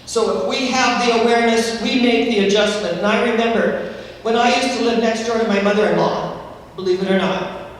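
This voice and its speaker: A woman minister giving a sermon, measured and teaching, with asides and stories. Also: a little high, slight background noise. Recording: echoey hall, heard from far off.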